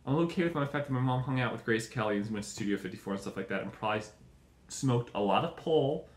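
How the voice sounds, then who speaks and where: In a roomy-sounding space, a young man with a lowish, expressive voice speaks in rapid-fire bursts. As a podcast host, he spins a profane, tangent-filled comic monologue, acting out short scenes along the way.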